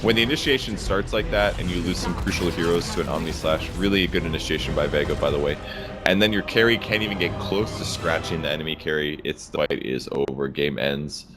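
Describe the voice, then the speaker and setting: A man with a light Upper Midwest American accent giving relaxed, analytical color commentary on an esports match. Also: extremely low pitch, music in the background. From Wisconsin and Montana, United States. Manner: fast analytical breakdowns, relaxed.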